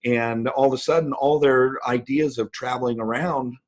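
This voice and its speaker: A husky man in his fifties talks in a motivational interview. He tells stories with emphasis and his voice leaps up when he quotes people. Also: medium pitch, fairly even intonation, moderate pace. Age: 50s. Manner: emphatic storyteller, voice jumps up for quoted lines. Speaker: guest speaker.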